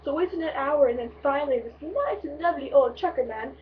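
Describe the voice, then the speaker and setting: Excitable young woman rambling on webcam. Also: high voice, fast, far from the mic, narrow, tinny audio, slight background noise. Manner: excitable, rambling, swears freely. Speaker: vlogger. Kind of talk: casual storytelling vlog.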